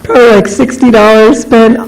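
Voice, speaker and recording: A woman's voice: a little high, brisk, creaky, low-quality recording. A middle-aged woman giving a personal eulogy at a memorial, telling old stories with laughter that turns tender and tearful. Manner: laughing, animated storytelling that turns tearful and soft. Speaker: memorial speaker.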